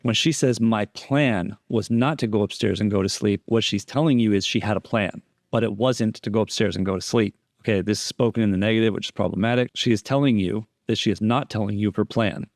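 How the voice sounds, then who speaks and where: A man's voice: lowish voice, brisk, hardly any pauses, no room sound, clean studio sound. A man instructing on deception analysis, explaining interrogation footage in a methodical way and repeating key phrases for emphasis.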